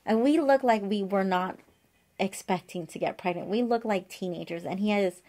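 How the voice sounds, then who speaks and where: A woman's voice: medium pitch, moderate pace, dark tone. A woman in her forties, an acupuncturist, telling a rambling personal story to camera from her office with lots of fillers and asides. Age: 40s. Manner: chatty, digressive storytelling with many fillers. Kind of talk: casual advice monologue to camera.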